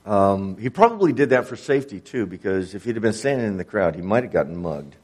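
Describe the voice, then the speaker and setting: A man's voice: fairly low pitch, very animated, quick pace, a little mellow. A male preacher delivering a sermon, telling a story with acted-out dialogue.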